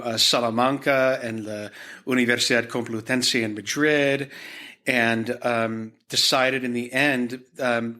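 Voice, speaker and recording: A man's voice: mid-range voice, pushed and bright. A man from Utah, a gallery owner, guest on a podcast, telling his story in a rambling way full of fillers and restarts. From Utah, United States. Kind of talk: conversational storytelling.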